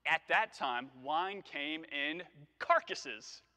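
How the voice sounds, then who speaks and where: A man preaching a sermon to his congregation, animated and conversational, joking as he reads and explains scripture. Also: on the high side, slow pace. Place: church sanctuary. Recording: preached in a church hall with long reverb.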